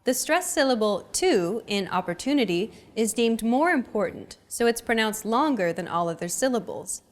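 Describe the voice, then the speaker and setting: Upbeat woman explaining with lively pitch. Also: moderate pace, few pauses. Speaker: language lesson host. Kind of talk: scripted lesson narration.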